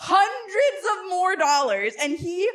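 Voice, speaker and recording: A young woman telling an animated story in casual chat, acting out the people she quotes and laughing often. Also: extremely high pitch, slow pace.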